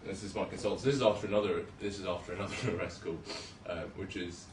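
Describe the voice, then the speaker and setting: A young junior doctor with a low, steady voice talks fast and casually about his work, poking fun at himself and hesitating with lots of ums and restarts. He's giving a relaxed slide presentation, recorded from a distance in a roomy, echoey hall with a bit of room noise behind him.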